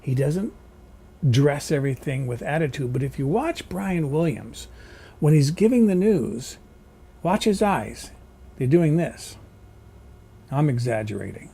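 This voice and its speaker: A man's voice: fairly high pitch, lively intonation, unhurried, gravelly, long pauses, dark tone, breathy edge. A man vlogging at home, chatting in a rambling, opinionated way. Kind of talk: casual rambling monologue. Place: home kitchen.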